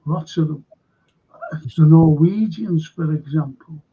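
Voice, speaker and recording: Slow and slightly breathy, this man's higher-pitched voice carries a Scouse accent as he spins meandering stories about local history, constantly restarting and dropping in fillers. He's from Liverpool, and the audio is muffled and lo-fi.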